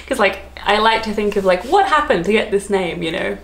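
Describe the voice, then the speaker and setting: A woman's voice: mid-range voice, lively intonation, moderate pace, gravelly, a bit bright, a little hiss or hum. A woman with an Australian accent chatting to camera as a travel vlogger, giggly and full of "like" fillers. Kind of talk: casual chat to camera. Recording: roomy echo.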